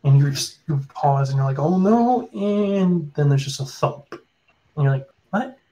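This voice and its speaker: A man running a tabletop game as game master, narrating in a casual, halting way with fillers. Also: a little high, animated, dark tone, poor audio.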